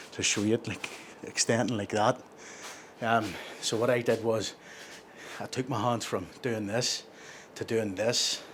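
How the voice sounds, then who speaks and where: A man's voice: fairly low pitch, fairly bright tone, a little hiss or hum. A man, chatting casually between sets in a gym and rambling through his explanations with plenty of self-corrections. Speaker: gym vlogger.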